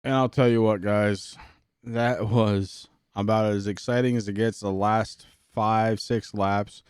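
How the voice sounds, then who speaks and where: A man commentating a sim racing broadcast, excitable and out of breath, with stammering restarts. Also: lowish voice, measured pace, clean tone, no echo, studio quality. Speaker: race commentator.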